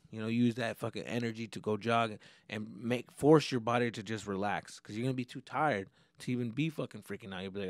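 A young adult man, a comedian, hosting a solo podcast in a casual, profane and animated way. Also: mid-range voice, fast talker, hardly any pauses, no echo, clean studio sound. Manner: profane, animated, pep-talk delivery.

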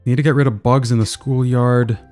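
A man's voice: medium pitch, fairly even intonation, fairly quick, a little mellow, soft background music. A man giving casual let's play commentary, muttering as he thinks aloud. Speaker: gaming video creator.

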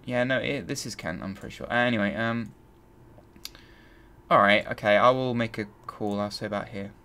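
A man's voice: fairly low pitch, normal speed, sharp tone, clean tone. A man hosting a let's play, thinking aloud and grumbling as he searches. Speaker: gaming channel host.

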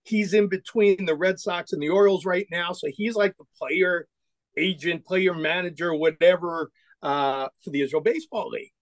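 A man in his forties telling animated stories as a podcast guest, acting out quoted dialogue. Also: high-pitched, moderate pace, no room sound. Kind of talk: casual storytelling interview.

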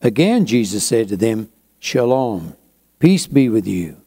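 Pastor, male; slow, unhurried sermon delivery with a warm, mellow tone and chatty asides. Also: fairly low pitch, very animated, husky. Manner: slow, conversational preaching with asides.

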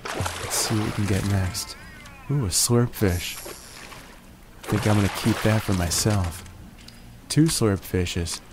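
A man in a groggy morning voice narrating his gameplay, relaxed and jokey, making little puns as he goes. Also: lowish voice, slow, pauses often, music in the background. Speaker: gaming video host. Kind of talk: gameplay commentary.

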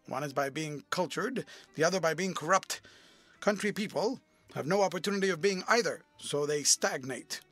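A man reading the part of a witty, cynical aristocratic gentleman with an amused, epigrammatic delivery. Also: sits high, no room sound.

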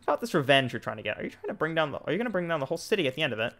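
A weary man who keeps a library company, read aloud by a man streamer, delivered plain and quick. The voice sits slightly high, with faint music underneath. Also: sing-song, a bit bright. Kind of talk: reading game dialogue aloud.

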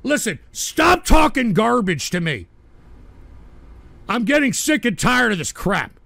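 Brief: male stream host, high gravelly voice, bright and dry, ranting at chat, erupts into shouts. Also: very animated, unhurried, dry recording. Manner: combative, swings from mutters to shouting. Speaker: livestream host reading chat. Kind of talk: angry livestream rant.

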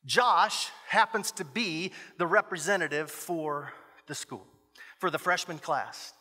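High, bright male preacher, animated storyteller in a reverberant chapel. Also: measured pace, husky, soft background music. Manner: animated, joking asides, dramatic quoted voices. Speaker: guest chapel speaker, former youth pastor. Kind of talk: storytelling sermon. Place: university chapel. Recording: echoey hall.

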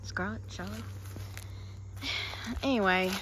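A woman with a Southern American accent talks casually into a handheld camera in her yard. She rambles, loses her thread and picks it back up, speaking at a middling pitch. Faint outdoor noise sits under her voice. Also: takes it slowly. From West Tennessee, USA. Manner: rambling, chatty, trails off and restarts mid-thought. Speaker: family vlogger.

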